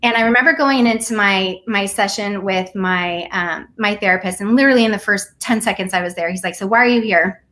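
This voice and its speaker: A woman's voice: medium pitch, fairly quick, hardly any pauses. A woman in her forties, talking earnestly and telling a personal story in a casual conversation. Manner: earnest, animated storytelling with laughs. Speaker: guest.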